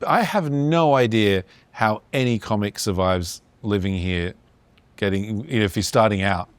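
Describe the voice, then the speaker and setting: A man's voice: lowish voice, normal speed, smooth, no room sound. A male podcast host chatting casually, asking long, loosely framed questions. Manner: easygoing, asks rambling questions. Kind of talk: casual interview.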